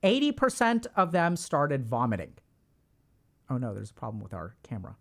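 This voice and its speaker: A man's voice: medium pitch, huge pitch swings, moderate pace, creaky, fairly bright tone. A middle-aged man hosting a livestream, lecturing his chat in a casual, emphatic way and repeating phrases for stress. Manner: informal, talks to chat directly. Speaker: streamer host discussing mental health.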